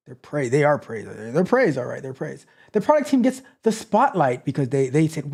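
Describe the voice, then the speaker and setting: A man's voice: a little high, big pitch swings, moderate pace, vocal fry, hardly any pauses, a little mellow, breathy edge. A man hosting a tech livestream who reads chat aloud in a theatrical, sarcastic way, full of playful mock outrage. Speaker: host.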